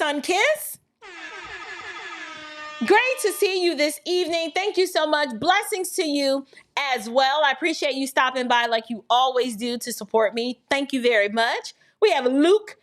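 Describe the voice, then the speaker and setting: A woman's voice: sits high, big pitch swings, a little slow, a bit bright. A woman hosting an opinion podcast, talking emphatically and preachily with rhetorical questions, and reading viewer chats. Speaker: podcast host.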